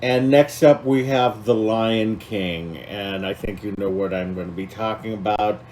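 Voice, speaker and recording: A man's voice: lowish voice, measured pace, a little mellow, a little hiss or hum, low-quality recording. A man co-hosting a podcast, talking casually and with feeling, rambling with many fillers and restarts. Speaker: podcast co-host.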